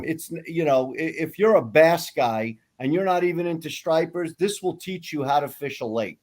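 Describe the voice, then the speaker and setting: Upbeat man talking fly fishing. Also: fairly high pitch. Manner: animated, self-mocking, rambling with restarts. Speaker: fly fishing guide and author. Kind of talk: casual podcast chat.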